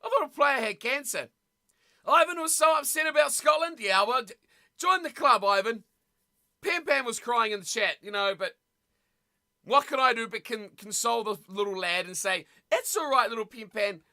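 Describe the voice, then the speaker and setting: A streamer giving casual live commentary at a rugby watch party, chatting with viewers and shouting with excitement at big plays. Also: medium pitch, moderate pace. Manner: chatty, talks straight to viewers in chat.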